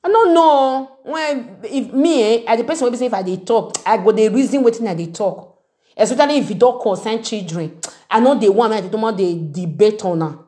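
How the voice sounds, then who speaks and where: A woman's voice: a little high, normal speed, warm tone. A woman with a Nigerian Pidgin English accent, ranting and mocking someone in a confrontational commentary video. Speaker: social media commentator. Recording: echoey room.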